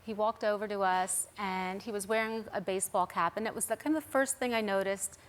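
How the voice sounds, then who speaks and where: A woman's voice: medium pitch, fairly quick. Earnest woman telling a personal story. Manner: earnest, recounting events with quoted dialogue. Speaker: guest sharing a personal story. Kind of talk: storytelling on a TV talk show.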